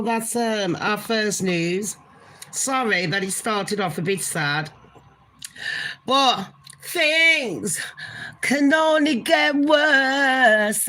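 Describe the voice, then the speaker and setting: A woman hosting a gossip stream in a loose, chatty way. She talks slowly at a medium pitch, drops the odd swear word and speaks to her viewers directly. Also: a bit bright, poor audio. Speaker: gossip channel host. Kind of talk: casual live-stream chat.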